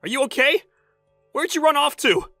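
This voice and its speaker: A woman's voice: high-pitched, lively intonation, normal speed, sharp tone, faint music behind, heavily acted. A woman voicing a caring female company boss, worried and indignant, in a voiced story drama. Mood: concerned.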